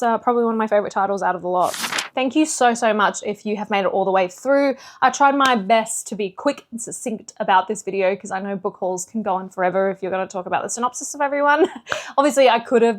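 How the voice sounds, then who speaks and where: A woman book vlogger in casual chat, chatty and animated with lots of fillers. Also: mid-range voice. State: slightly out of breath.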